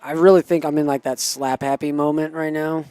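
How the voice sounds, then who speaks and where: A man doing casual, excitable play-by-play for a high school softball game, chatty and cheering the batters on. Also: brisk, smooth, no room sound. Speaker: play-by-play commentator. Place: small school TV studio booth.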